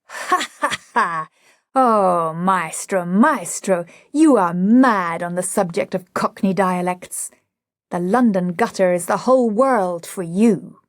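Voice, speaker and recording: A woman's voice: medium pitch, slow, no echo, clean studio sound, close to an everyday voice. Woman voicing a pompous man. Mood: mocking. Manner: grand, self-assured declarations. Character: pompous Hungarian man, boastful self-styled expert. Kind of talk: audiobook drama reading.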